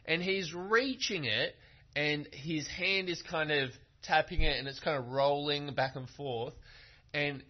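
A man's voice: on the high side, unhurried. A male preacher giving a sermon, retelling a story and pressing his point with rhetorical questions, on a muffled recording.

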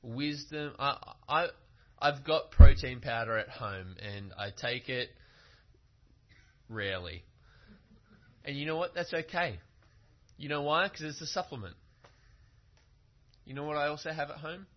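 A man's voice: fairly high pitch, expressive, measured pace, pauses often. A male preacher giving a sermon, retelling a story and pressing his point with rhetorical questions, on a muffled recording.

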